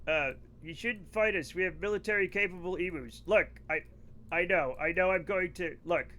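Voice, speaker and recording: A middle-aged man from the United States, streaming live and joking loudly with his chat as he rants about pronunciation. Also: high-pitched, moderate pace.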